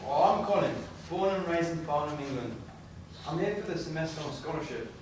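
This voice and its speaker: A man's voice: fairly high pitch, fairly quick, background noise, natural voice. A man playing an awkward young student. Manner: hesitant, awkward. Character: shy young English male exchange student. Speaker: actor in staged reading. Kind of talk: staged play reading. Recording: echoey room from far off.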